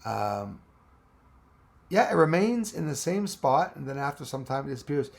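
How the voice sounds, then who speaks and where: A man's voice: on the high side, very animated, normal speed, vocal fry. A man hosting a live stream, chatting casually and rambling as he answers viewers' comments with frequent laughs.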